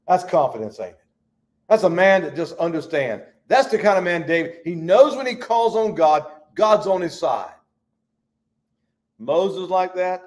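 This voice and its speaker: A man leads a Bible study in a fervent, folksy preaching voice that sits a little high. He swings from loud, emphatic lines down to hushed ones. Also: expressive, measured pace.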